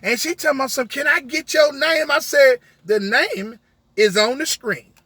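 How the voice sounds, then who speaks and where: A man's voice: very high voice, normal speed, pushed and bright, no echo. A man, a rideshare driver, telling a story as an emphatic rant, acting out an argument through many quoted lines.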